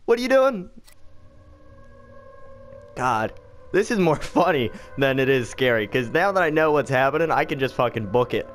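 A man's voice: mid-range voice, lively intonation, a little fast, faint music behind. A man giving casual, profanity-filled commentary while playing a horror game, jumpy and nervously joking. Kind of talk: casual let's play commentary. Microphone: desk mic.

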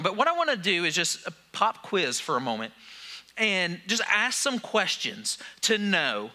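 A man's voice: a little high, sharp tone. A man preaching a sermon to a church, talking conversationally and posing questions to the congregation. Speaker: pastor.

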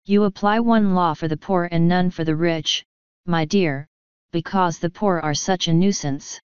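A woman reading the part of a retired older male colonel, speaking in a measured, wry and quietly scornful way. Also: fairly low pitch, clear, resonant tone, no echo, close to an everyday voice. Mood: dry wry. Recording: dull lo-fi sound.

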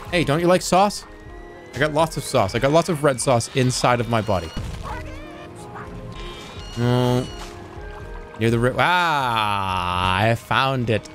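A man streaming a video game with goofy, excitable running commentary and sudden yelps. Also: medium pitch. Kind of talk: live gameplay commentary.

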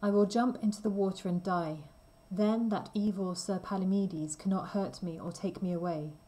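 A woman voicing Iseult, a frightened, gentle young queen, in a storybook read aloud. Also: medium pitch, moderate pace, lightly acted. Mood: despairing.

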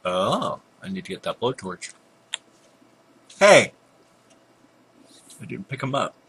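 A man's voice: on the low side, fairly quick, a bit bright, slightly rough. An older man casually talking through a computer game, muttering at monsters and apologizing for his yawns. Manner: chatty, muttering at enemies, frequent yawns and apologies. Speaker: gameplay commentator.

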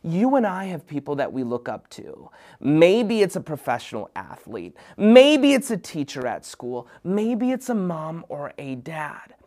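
A man's voice: on the high side, sing-song, unhurried, few pauses, darkish tone. A man hosting a children's program, presenting in a playful, upbeat way and joking with young viewers. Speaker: host of a kids' program. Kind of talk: lively kids' show presenting.

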